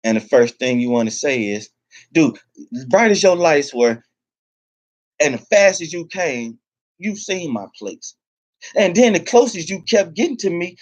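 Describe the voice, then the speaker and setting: A man's voice: fairly high pitch, very animated, unhurried, pauses often, dry recording. A man ranting angrily to the camera, swearing heavily and repeating himself. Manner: heated, profane, repeats himself. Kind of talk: angry rant to camera.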